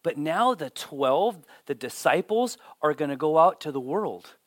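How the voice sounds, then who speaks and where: A man giving a sermon as pastor, telling stories with lively swings and dropping almost to a whisper for emphasis, often repeating words as he starts a sentence. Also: on the high side, measured pace, dry recording, studio quality. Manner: animated storytelling, drops to near whisper for emphasis.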